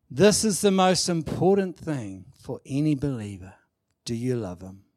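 Slow, emphatic male preacher, dry sound. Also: mid-range voice, no echo. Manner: animated, emphatic preaching with asides and quoted dialogue. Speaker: pastor. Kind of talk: sermon.

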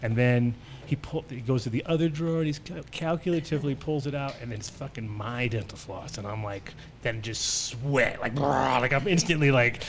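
A man's voice: mid-range voice, normal speed, noisy background. A man hosting a show, telling a rambling, profane story and acting out the people in it. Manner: animated, profane, acts out voices in his stories. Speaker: show host. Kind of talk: casual storytelling chat.

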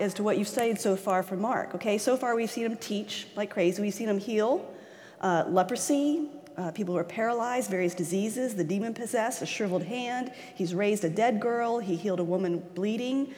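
Animated woman preaching in a reverberant hall. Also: mid-range voice. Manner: animated, acts out quoted voices, laughs easily. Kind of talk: conversational sermon.

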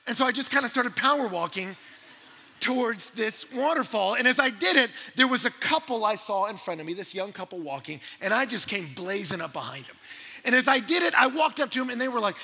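A man preaching a sermon, telling a personal story animatedly and swinging between loud bursts and hushed asides. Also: high voice, expressive, fast talker. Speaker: pastor. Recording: long hall reverb.

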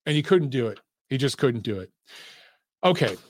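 A man's voice: mid-range voice, big pitch swings, moderate pace. A middle-aged man hosting a boxing podcast, ranting in casual commentary with profane, emphatic, repetitive talk.

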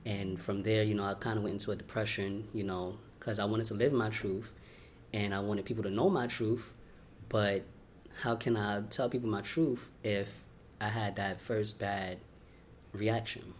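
Candid low-voiced man telling his story. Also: steady tone. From Brooklyn, New York. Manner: candid, fast-flowing, heartfelt, many "you know" and "like" fillers. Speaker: interviewee. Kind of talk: personal storytelling interview. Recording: faint background noise.

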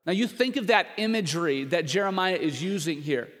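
Man, pastor, sermon storytelling, slightly high voice, long church-hall reverb. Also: lively intonation, brisk. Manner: storytelling, acts out voices of others with loud raised pitch.

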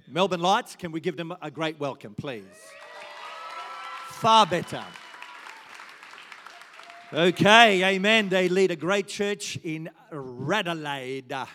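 A man in his sixties preaching and telling stories, his voice rising loud and dropping soft as he goes. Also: fairly high pitch. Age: 60s. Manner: animated storytelling, swings from loud to soft. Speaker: pastor. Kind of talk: sermon. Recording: reverberant church hall.

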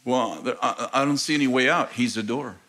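This American pastor has a mid-range, sharp-toned voice and talks a little fast. Preaching a sermon in a large church auditorium, he tells a story with laughter and acts out the voices of the people involved.

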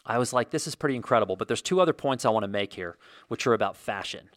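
A man in his forties telling a story in a casual monologue, animated and self-deprecating, as host of his own show. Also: on the low side, fast talker, no room sound. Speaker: podcast host.

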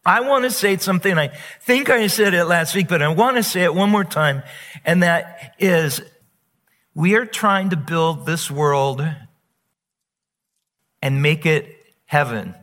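A man preaching a sermon as pastor, emphatic and animated, drawing out quoted words slowly. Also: a little high. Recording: long reverb of a large hall.

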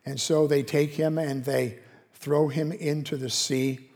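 Male pastor, higher voice, earnest conversational sermon with rhetorical questions, long hall reverb. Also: flat delivery, unhurried, darkish tone.

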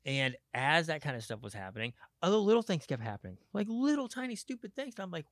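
A man hosting a personal podcast, talking candidly in a halting way, with frequent restarts and fillers. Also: fairly high pitch, sing-song, a bit bright, no echo. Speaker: podcast host.

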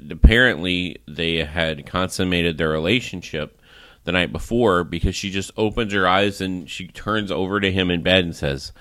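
A man's voice: low-pitched, moderate pace, a bit bright, no echo. A man hosting a casual movie review podcast, recapping the plot in a rambling way with lots of "like" and laughs. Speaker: podcast host.

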